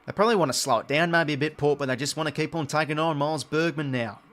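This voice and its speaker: An Australian man hosting a live watch-along, calling the play as it happens, getting excited on big plays and chatting to his viewers in between. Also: fairly high pitch, quick pace. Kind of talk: live play-by-play commentary over a match.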